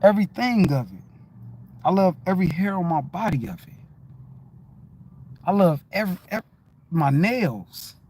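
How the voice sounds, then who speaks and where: A man on a livestream talking in a casual spiritual monologue, profane and animated, often checking that listeners follow. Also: sits high, slight background noise. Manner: animated, profane, keeps asking "you know what I'm saying".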